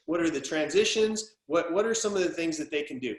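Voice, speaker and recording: A man hosting an interview podcast, with a voice on the higher side for a man. He chats in a loose, friendly way and tells his own stories with animation. His voice carries a roomy echo. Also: fairly quick. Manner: animated, chummy storyteller. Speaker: podcast host. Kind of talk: casual interview chat.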